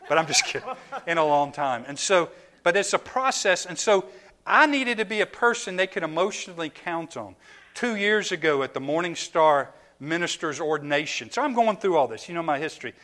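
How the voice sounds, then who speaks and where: Animated, bright-voiced man preaching. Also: a little high, brisk. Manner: animated storytelling, laughing at himself. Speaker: pastor. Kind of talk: sermon.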